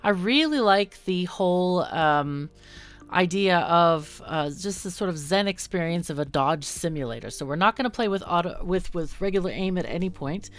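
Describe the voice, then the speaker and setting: Woman doing chatty game commentary, lots of ums, voice goes up and down a lot, soft music behind. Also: fairly low pitch, animated, moderate pace. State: hiccuping. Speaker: gaming channel host. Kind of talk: casual let's-play commentary.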